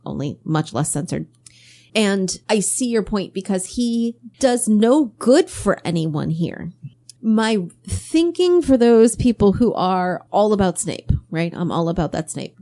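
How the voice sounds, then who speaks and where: A woman co-hosting a podcast, talking in a measured, casual way and teasing playfully. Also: mid-range voice, expressive, mellow. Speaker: podcast co-host.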